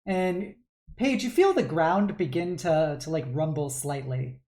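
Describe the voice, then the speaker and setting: A woman's voice: low voice, very animated, normal speed, dark tone. A woman narrating a tabletop game as game master, with a hesitant delivery full of fillers.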